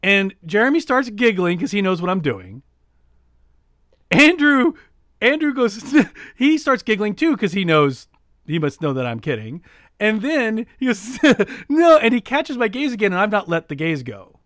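A man co-hosting a podcast, telling a story in casual chat with many restarts, getting loud and lively as he retells it. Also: sits high, fairly quick, dry recording, studio quality. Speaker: podcast co-host.

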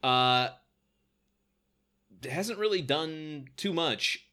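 A man's voice: fairly high pitch, animated, extremely slow, bright, forceful tone, clear, resonant tone. A man co-hosting a podcast, chatting casually and laughing often while recapping a sitcom episode. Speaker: podcast co-host.

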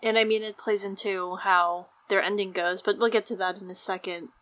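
A woman co-hosting a podcast explains things in a chatty, casual way. Her voice is medium-pitched and fairly bright, with fairly even intonation and a slightly fast delivery.

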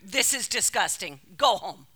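A woman voicing a kindly silver-haired older gentleman who speaks softly and with fatherly care. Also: mid-range voice, lively intonation, unhurried, slight background noise. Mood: stern.

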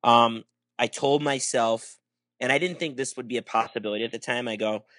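A man speaking as a guest on a sports podcast, earnest and deliberate. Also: mid-range voice, a bit bright, no echo. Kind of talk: casual sports chat.

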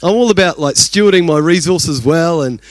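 A man's voice: fairly high pitch, normal speed, no room sound. A man with a New Zealand accent preaching a sermon, telling a personal story in a chatty, self-deprecating way. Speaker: pastor.

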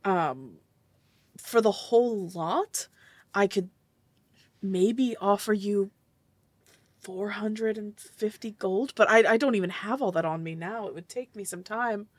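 A woman's voice: mid-range voice, takes it slowly, pauses often, dry recording. Woman voicing a cagey male merchant. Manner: hesitant, cagey bargaining with stammers. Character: shrewd haggling male merchant, middle-aged. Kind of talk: tabletop role-play voicing.

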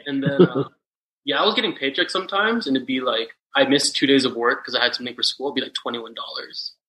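Bright-voiced young man telling stories. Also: mid-range voice, quick pace, low-quality recording. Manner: relaxed, rambling storytelling with many fillers. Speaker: podcast guest. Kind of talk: casual chat.

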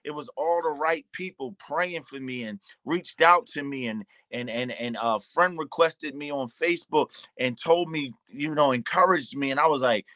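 A man's voice: on the high side, moderate pace, hardly any pauses, pushed and bright, dry recording. A man telling an emotional personal story in earnest, repeating words and slipping into quoted asides. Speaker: pastor and youth nonprofit founder.

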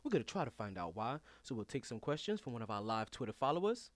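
A man's voice: medium pitch, sing-song, fast talker, no echo, voice pushed down, lightly acted. A man doing a stiff, prim talk-show host. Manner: mock-formal, prim.

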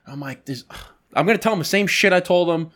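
A man talks quickly on a casual podcast and tells a long work story. He acts out the people he quotes, his voice jumping up for the angry ones. He swears freely and keeps the chat loose. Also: sits high, fairly bright tone. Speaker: podcast co-host.

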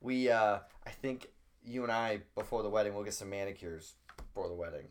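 A man's voice: fairly low pitch, fairly quick. A man co-hosting a casual sports podcast, rambling through stories with lots of fillers. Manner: rambling, filler-heavy, animated storytelling. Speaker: podcast co-host.

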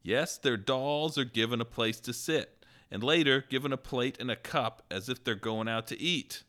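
A man's voice: medium pitch, moderate pace, a bit bright, close to an everyday voice. A man voicing a fussy grown man grumbling about a doll store, reading in an exaggerated mock accent. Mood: indignant.

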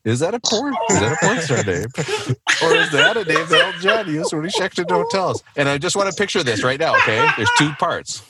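A man's voice: fairly high pitch, sing-song, brisk, heavy background noise. A man hosting a casual quiz game with friends over a video call, often laughing at his own jokes. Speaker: quiz host.

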